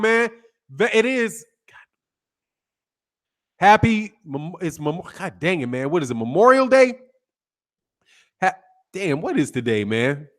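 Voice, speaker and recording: A man hosting a casual boxing live stream, greeting viewers by name in a laid-back way and ending most lines with "man.". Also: high voice. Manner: laid-back, says "man" constantly, shouting out names. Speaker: boxing YouTube host.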